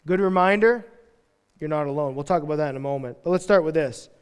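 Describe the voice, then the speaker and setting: High-voiced male pastor, joking sermon. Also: quick pace, clear, resonant tone, big-room sound. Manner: casual and joking, slangy asides. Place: church.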